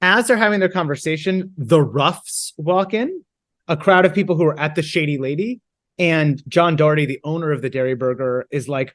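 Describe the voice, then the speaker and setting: A woman's voice: low-pitched, moderate pace. A young woman co-hosting a podcast, discussing a book and reading its quotes aloud with feeling. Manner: thoughtful, reads quotes aloud in lively voices. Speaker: podcast co-host. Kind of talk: casual book-club chat.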